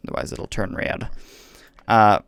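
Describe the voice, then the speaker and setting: A man running a tabletop game, patiently walking players through rules with frequent pauses and ums. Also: fairly bright tone, dry recording. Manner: patient, hesitant with many ums. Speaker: game master. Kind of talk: explaining rules over voice chat.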